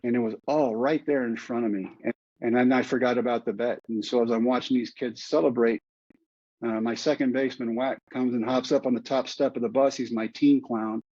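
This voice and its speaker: A middle-aged man tells his story in a husky voice, earnest and heartfelt, and leans on repeated phrases to drive each point home. The audio is dry and slightly muffled, with no room sound. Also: medium pitch, steady tone, a little fast, darkish tone, no echo. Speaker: guest. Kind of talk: storytelling in a podcast interview.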